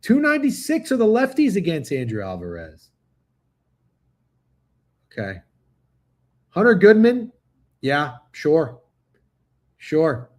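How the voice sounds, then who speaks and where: Animated, high-voiced man on a livestream. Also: slow pace, long pauses. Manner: animated, profane, talks straight to his chat. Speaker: sports betting livestream host. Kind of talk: casual live-stream chat.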